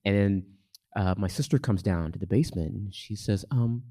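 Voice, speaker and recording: A man telling a comic personal story live on a theater stage, with a lively, suspense-building delivery. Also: low-pitched, fairly quick, breathy edge.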